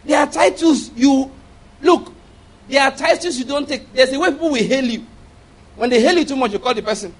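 A man with a very high-pitched voice preaches a sermon at normal speed. He hammers his points home through repetition and call-and-response questions to the congregation, emphatically repeating key phrases.

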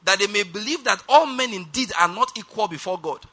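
A man preaching a sermon, emphatic, slowing down to read scripture and hurrying through his asides. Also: high voice, expressive, pushed and bright. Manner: emphatic, slows down for quoted scripture; rushed asides, calls on congregation to repeat.

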